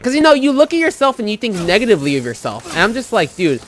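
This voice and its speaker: A man's voice: sits high, wildly swooping pitch, fast talker, a bit bright. A young man casually telling a rambling story over gameplay, swearing often and filling with "like". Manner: rambling, swears a lot, heavy use of "like". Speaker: gaming video host.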